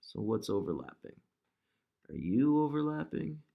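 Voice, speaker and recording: A man's voice: medium pitch, sing-song, measured pace, gravelly, muffled recording. A man casually talking through an ad design on screen, thinking aloud and chatting to the objects he moves around. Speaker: digital marketer demonstrating ad design. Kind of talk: casual screen-recording tutorial.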